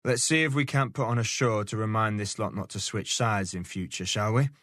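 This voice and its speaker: Man doing a gruff archer sergeant, medieval storybook, barked orders, low dry voice. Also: a little fast, fairly bright tone, no room sound, close to an everyday voice. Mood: coaxing. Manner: muttering, barking orders.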